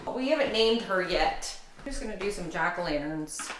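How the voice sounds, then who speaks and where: A woman's voice: lowish voice, lively intonation, normal speed, a little hiss or hum. A woman in casual, upbeat vlog chat, thinking aloud as she decorates her living room. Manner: chatty, upbeat, thinks aloud while working. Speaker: home decor vlogger. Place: home living room by a fireplace. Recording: roomy room echo.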